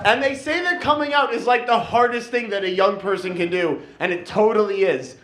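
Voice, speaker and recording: Young man, stand-up comic, dry conversational storytelling, slightly high pitch, roomy echo. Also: fairly quick, fairly bright tone. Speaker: stand-up comedian. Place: live comedy stage. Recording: echoey room with background noise.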